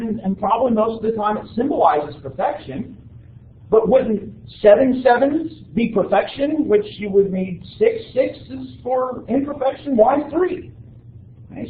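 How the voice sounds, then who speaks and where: A man giving a university lecture in a conversational way, often checking in with his listeners. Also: sits high. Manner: conversational, keeps checking in with "right?". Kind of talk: classroom lecture. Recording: echoey room, tinny phone-like sound.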